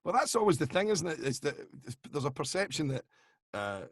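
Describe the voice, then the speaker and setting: A man with a Glaswegian accent, a voice-over artist chatting in a relaxed, self-deprecating way as a guest over a video call. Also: fairly high pitch, a little fast, no room sound, studio quality. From Scotland. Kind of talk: casual interview chat.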